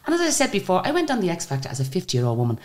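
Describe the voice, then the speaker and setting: Racing along in a lowish voice, a woman in her sixties with an Irish accent, a singer by trade, trades stories in a casual interview. She's a chatty, spirited storyteller prone to frequent restarts.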